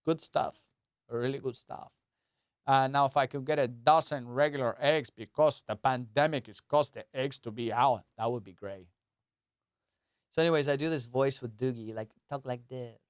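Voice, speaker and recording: A young man hosting a solo comedy podcast, rambling loosely and joking while high on cannabis. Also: normal speed, no room sound, clean studio sound. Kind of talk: casual solo podcast chat.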